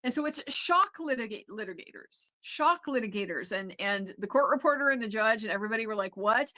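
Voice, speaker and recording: A woman's voice: fairly high pitch, lively intonation, a little fast, pushed and bright, low-quality recording. Chatty American woman recapping a trial. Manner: chatty, laughs often, many fillers. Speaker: legal commentator. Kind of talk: casual trial recap commentary.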